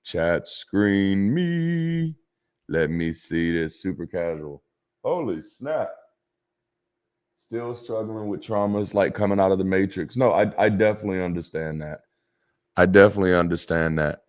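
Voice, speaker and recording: Deep-voiced man chatting on a livestream. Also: normal speed. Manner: loose and chatty, many restarts and slang, reads chat aloud. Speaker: livestream host, former pastor. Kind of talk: casual livestream chat. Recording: solo livestream at home.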